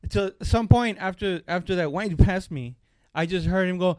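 A man telling a story in casual chat, animated and profane, acting out the people in it. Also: sits high, normal speed, no echo.

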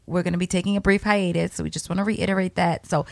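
A woman co-hosting a podcast in casual chat, relaxed and laughing, with lots of fillers. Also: lowish voice, fast, gravelly, no echo. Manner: laid-back, laughing, many fillers. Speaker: podcast co-host.

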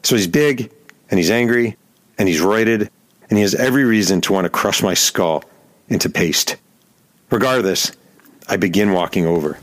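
A middle-aged man with a fairly low voice narrates his own story on a podcast. His delivery is dry and deadpan, with a wry edge. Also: normal speed, long pauses. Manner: wry, deadpan narration with heated acted-out quotes. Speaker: podcast host and journalist. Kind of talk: scripted first-person storytelling.

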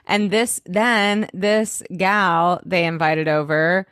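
A woman's voice: mid-range voice, unhurried, few pauses, a bit bright, no echo, studio quality. A woman co-hosting a podcast in casual recap chat, who swears freely and laughs easily. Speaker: podcast co-host.

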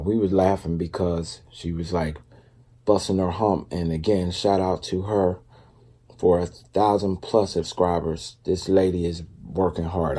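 A man speaks in a relaxed, rambling vlog style, talking through faith and everyday life with plenty of fillers and side remarks. His voice sits very low and has a dark, mellow tone. There is a husky edge to it throughout. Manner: loose, conversational, with many fillers and asides. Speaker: vlogger. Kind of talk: casual faith-based talk.

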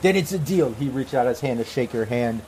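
A man's voice: mid-range voice, animated, a little fast, a little hiss or hum, lightly acted. Brash jovial gang boss, as a man voices him. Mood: pleased. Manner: boisterous, yelling for shots.

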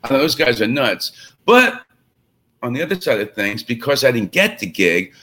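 A middle-aged man, a rock drummer, tells stories in a casual interview, acting out the quoted lines with animation. His voice sits at medium pitch and moves at a moderate pace.

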